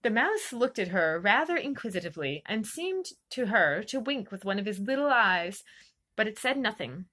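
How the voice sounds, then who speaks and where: A woman's voice: medium pitch, big pitch swings, moderate pace, sharp tone. A woman reading a children's classic aloud, narrating expressively. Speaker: reader. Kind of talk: storybook narration.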